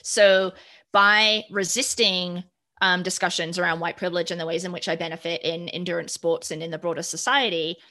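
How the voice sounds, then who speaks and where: A woman's voice: lowish voice, level tone, normal speed, sharp tone. A woman speaking earnestly in a reflective podcast conversation, often checking in with "right?".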